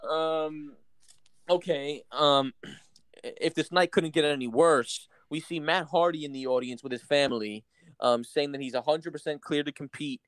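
Male podcast co-host, somewhat high voice, blunt profane rants, dry close mic. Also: steady tone, moderate pace, no room sound. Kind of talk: casual wrestling podcast chat.

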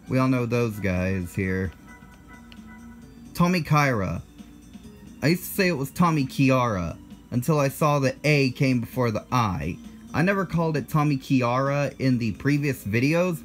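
An American man in his twenties talks through his own video in a casual, unscripted way. He sounds blunt and a bit defensive, breaks off to correct himself, and speaks at a middle pitch over faint background music. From United States. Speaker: channel host.

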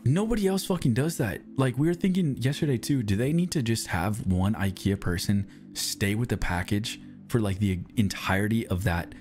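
A man's voice: lowish voice, normal speed, hardly any pauses, a little mellow, soft background music. A man co-hosting a stream in casual chat, rambling through profane riffs and laughing at his own jokes. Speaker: streamer co-host.

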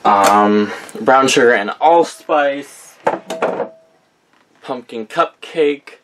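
Slow-talking young man, casual vlog chat. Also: mid-range voice, expressive, a bit bright, slight background noise. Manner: rambling, reads out names with frequent self-corrections. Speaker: vlogger showing a candle collection.

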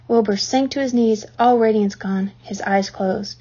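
A woman's voice: medium pitch, measured pace, slightly rough. Woman reading a children's book aloud. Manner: lively, expressive storytelling. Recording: dull lo-fi recording.

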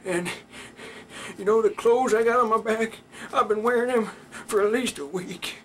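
Shaky gruff elderly puppet man, voiced by a man. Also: sits high, normal speed, a little hiss or hum, pitched above the performer's own voice, natural voice. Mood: weary. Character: shaky rickety old man, Pops.

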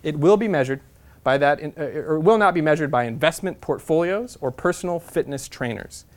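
A man in his thirties from Nebraska speaks to a university class as a guest speaker. He talks quickly in a slightly high voice, telling an animated story. He keeps returning to a refrain and acts out the people he quotes. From Nebraska, USA. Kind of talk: storytelling lecture to students.

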